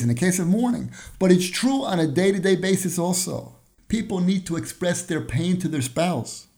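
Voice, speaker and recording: A man's voice: high-pitched, darkish tone. A man hosting a podcast, giving a conversational Torah lesson with everyday examples and the odd chuckle. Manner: explains with everyday examples and acts out short dialogues; chuckles now and then. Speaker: podcast host and Torah teacher.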